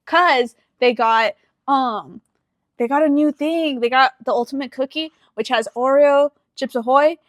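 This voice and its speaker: A young woman co-hosting a podcast in casual chat, telling a story with lively acted-out quotes and frequent laughter. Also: high-pitched, a little slow, no echo, clean studio sound. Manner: animated storyteller who acts out quoted dialogue and laughs often. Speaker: podcast co-host.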